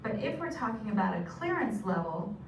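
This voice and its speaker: A woman's voice: medium pitch, big pitch swings, a little fast. A woman teaching sign language vocabulary, patiently saying each term and repeating it. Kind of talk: instructional explanation. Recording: echoey room from a distance with noise.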